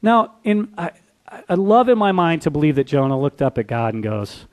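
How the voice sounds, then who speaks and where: Animated high-voiced male preacher. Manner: animated, acts out biblical characters in quick asides; conversational, asks the congregation questions. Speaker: pastor. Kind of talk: sermon.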